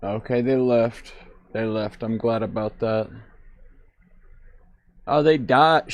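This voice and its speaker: Male streamer, slow sarcastic game commentary, mid-range voice. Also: mid-range voice. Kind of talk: gaming commentary. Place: online VR game.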